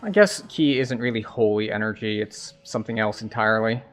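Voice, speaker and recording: A man casually commenting while playing a game, relaxed and chatty. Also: on the low side, brisk, soft background music. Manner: relaxed, chatty, explains as he plays. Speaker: streamer.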